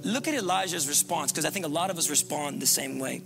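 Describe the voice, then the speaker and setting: A man preaching a sermon as pastor, impassioned and repetitive, swinging between loud urging and hushed low passages. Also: fast, vocal fry, music in the background.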